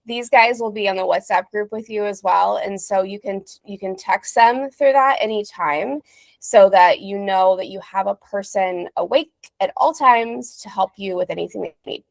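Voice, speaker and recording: A woman travel agent talking to clients on a video call, upbeat and chatty. Her voice is close and dry with no room sound, at a middle pitch. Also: normal speed, vocal fry, no echo. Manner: upbeat, chatty, acts out little scenarios.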